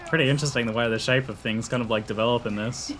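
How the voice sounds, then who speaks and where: Excitable Australian man commentating a game. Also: mid-range voice, racing. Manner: excitable, laughs often, shouts battle orders. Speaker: gaming YouTuber. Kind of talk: let's play commentary and narration.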